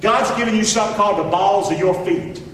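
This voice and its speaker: High-voiced preacher in an echoey hall. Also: male voice, quick pace, fairly bright tone, recorded from a distance, a little hiss or hum. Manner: emphatic, calls for congregation response. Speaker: pastor. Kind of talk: sermon.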